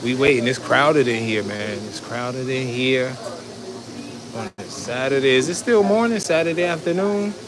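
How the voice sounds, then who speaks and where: A man's voice: mid-range voice, moderate pace, crowd noise. A man talking casually to his viewers while he films a food vlog at a fish market and by his truck. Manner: chatty, keeps addressing viewers as y'all. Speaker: food vlogger. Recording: loud background street and vehicle noise.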